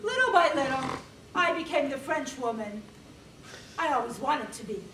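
A woman giving a humorous contest speech, telling her story slowly and theatrically and acting out phrases in French. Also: high-pitched, very animated, recorded from a distance, background noise. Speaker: contest speaker. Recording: roomy hall recorded from afar.

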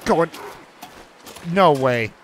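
A young man giving let's play commentary in a slightly high voice. He is jumpy, swears often, and talks both to himself and to his chat. A faint hiss of noise runs beneath the recording. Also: lively intonation, extremely slow. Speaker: gaming channel host.

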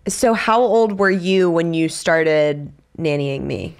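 A woman's voice: low-pitched, animated, slow pace. A young woman hosting a podcast, chatting casually, swearing freely and laughing often. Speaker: podcast host.

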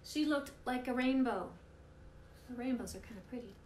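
A woman reading picture books aloud for a storytime, in an expressive, animated way, recorded in a roomy space with faint noise. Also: fairly high pitch, normal speed.

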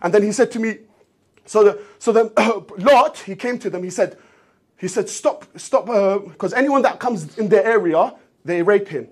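A man telling a rambling comic story, animated and repetitive, sometimes breaking into shouts. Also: high voice, normal speed. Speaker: streamer in a therapy skit.

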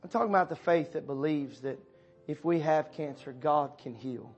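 Preacher guy, high voice, goes loud then hushed, calling out brother and sister by name. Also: moderate pace, breathy edge, muffled recording, faint music behind. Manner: preaching with wide swings from loud urging to hushed tones. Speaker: pastor. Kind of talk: sermon. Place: church.

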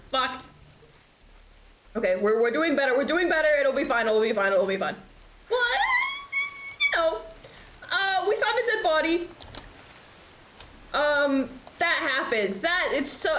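A woman's voice: high-pitched, a bit bright. A young woman streaming a horror game, chatting and swearing as she plays, with nervous laughs. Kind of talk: live game commentary. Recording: echoey room, faint noise.

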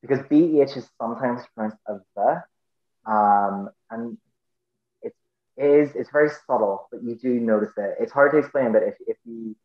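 A man's voice: mid-range voice, normal speed. A man with a Northern Irish accent, a podcast guest in casual conversation, explaining patiently with lots of fillers and restarts. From Northern Ireland. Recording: roomy, dull lo-fi sound.

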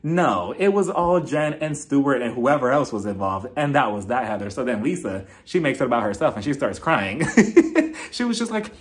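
A young TV recap vlogger chats about a reality show episode with a gossipy, laugh-prone energy, frequently dropping into impressions of the cast members. His voice is medium-pitched and lively.

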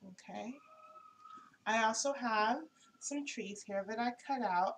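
Casual craft-tutorial host, a woman with a medium-pitched voice, chatty and self-correcting, over faint background hiss. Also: poor audio. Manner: chatty, homey, corrects herself as she goes.

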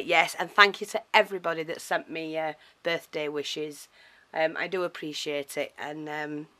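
A woman's voice: low voice, a little hiss or hum. A woman chatting casually to camera as she unboxes a parcel, gushing and a little out of breath. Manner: excitable and chatty, many fillers, gushing thanks. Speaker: craft vlogger.

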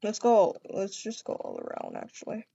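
A woman voicing an affectionate young adult boyfriend in a game role-play, talking softly and doting. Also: medium pitch, huge pitch swings, normal speed, creaky, breathy edge, no echo, dull audio, voice pushed down, full character voice. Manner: soft, doting, calls partner baby.

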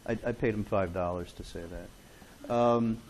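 A man's voice: on the low side, steady tone, normal speed, darkish tone. Guy teaching a chem class, jokey and chatty, keeps saying okay, bit of hiss behind. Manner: joking, chatty, asks "okay?" often. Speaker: chemistry lecturer. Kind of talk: classroom lecture. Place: lecture classroom. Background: students in class.

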